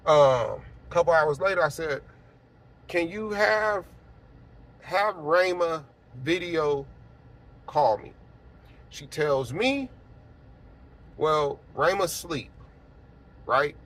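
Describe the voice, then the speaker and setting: A man's voice: a little high, slow, pauses often. Man giving a casual spoken testimony. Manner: conversational, many fillers, swings from quiet to emphatic. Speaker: apostle sharing a personal testimony.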